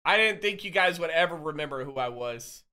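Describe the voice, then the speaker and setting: This streamer, a man with a high-leaning, animated voice that's brisk, pushed, bright and clean, hangs out casually with viewers. He jokes, curses, teases chat, and reads out their messages to answer them.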